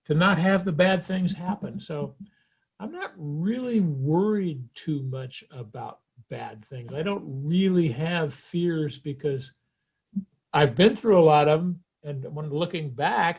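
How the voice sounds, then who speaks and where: Higher-voiced male guest telling stories. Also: husky. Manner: reflective storyteller, chuckles at his own memories. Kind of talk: conversational interview.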